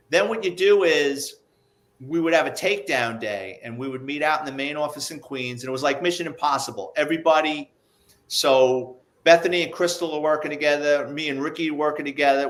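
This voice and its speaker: A man, telling old police stories in a relaxed, chatty way and acting out the people in them. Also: on the high side. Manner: animated, acts out the people in his stories. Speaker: guest, retired police investigator. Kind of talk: casual storytelling.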